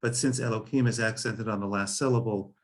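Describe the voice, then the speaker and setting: A man's voice: lowish voice, steady tone, brisk. Man explaining chant symbols in class. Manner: theoretical, self-correcting. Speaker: class participant.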